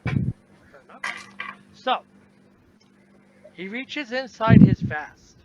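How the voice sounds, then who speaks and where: Guy game-mastering a tabletop rpg, high voice, casual and descriptive, muffled lo-fi audio. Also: lively intonation, very slow. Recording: dull lo-fi recording, faint noise.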